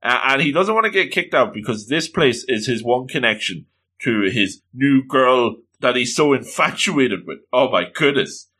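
A man's voice: medium pitch, moderate pace, breathy edge. A man animatedly retelling a comic story in casual chat, full of exclamations. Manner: animated, exclamatory, voices the characters.

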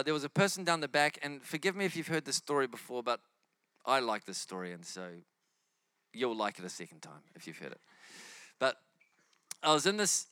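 Man, New Zealand accent, guest preacher, lively storyteller, tense bright tone, close and dry sound. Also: on the high side, smooth, no room sound. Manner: lively storyteller acting out quoted dialogue. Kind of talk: sermon with testimony stories.

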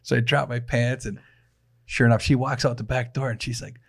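Gravel-voiced podcast host guy, laughs at himself while telling a story. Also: mid-range voice, flat delivery, fairly quick. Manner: laughing, self-mocking storyteller.

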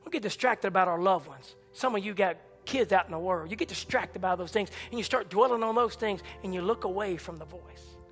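A man preaching an impassioned sermon, swinging from shouts to hushed tones. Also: brisk, few pauses. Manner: impassioned, rising to shouts and dropping low. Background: church organ chords.

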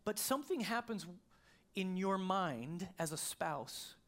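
A man's voice: high-pitched, animated, slow, a bit bright. A middle-aged male pastor preaching a sermon, telling a personal story in a conversational way with frequent restarts.

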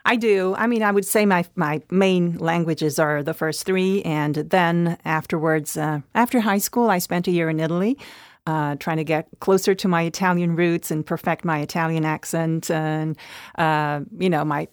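A woman guest on a podcast, who grew up in Mexico City, talking in a relaxed, rambling way with many fillers. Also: fairly low pitch, moderate pace, no room sound, studio quality. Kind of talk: casual interview chat.

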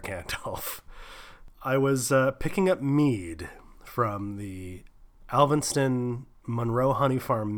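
A man's voice: mid-range voice, fairly bright tone. Chatty man on radio. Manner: rambling, chatty, laid-back. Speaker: radio host. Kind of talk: casual radio storytelling. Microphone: studio radio mic.

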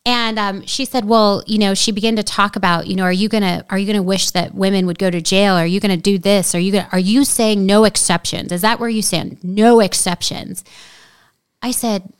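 A woman's voice: medium pitch, steady tone, fast talker, few pauses, smooth, dry recording. Woman guest, earnest storyteller with preachy fervor, dry close sound. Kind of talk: casual conversation, testimony.

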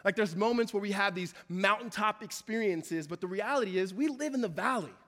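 Pastor, male, high voice, impassioned preacher who repeats lines for emphasis, long hall reverb. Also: a little fast, fairly bright tone. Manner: preaches with rising intensity, repeating phrases. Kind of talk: sermon. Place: church sanctuary.

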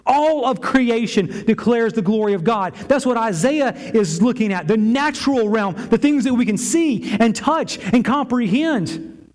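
A man's voice: very high voice, animated, a little slow. A man preaching a sermon to his church, impassioned and given to repeating phrases in a chanting rhythm. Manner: impassioned, repetitive chanting cadence. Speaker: pastor.

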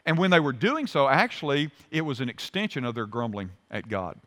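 A man's voice: mid-range voice, lively intonation, a little fast, a bit bright. A male pastor preaching a sermon in a church, acting out the voices of complaining people. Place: church sanctuary. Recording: hall reverb.

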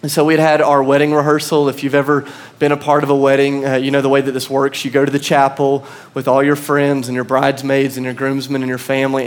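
A man in his thirties with an American accent, preaching a sermon as pastor and telling a story with self-deprecating humor. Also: medium pitch.

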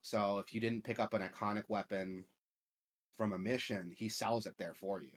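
A man's voice: fairly low pitch, fairly even intonation, moderate pace. A young man hosting a casual gaming podcast, rambling with lots of fillers and swearing. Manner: rambling, profane, filler-heavy. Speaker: podcast host.

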